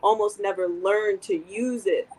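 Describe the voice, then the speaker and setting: Soft-spoken reserved young woman on a call. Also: mid-range voice, steady tone, unhurried, poor audio. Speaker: co-host. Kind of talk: casual video call discussion.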